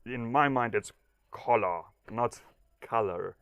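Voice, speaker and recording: Guy with a lowish voice, english teacher, lots of uhs and pauses, dry close sound. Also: no room sound. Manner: hesitant, many fillers and restarts, laughs easily. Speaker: English teacher and designer, interview guest. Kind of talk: casual interview answers.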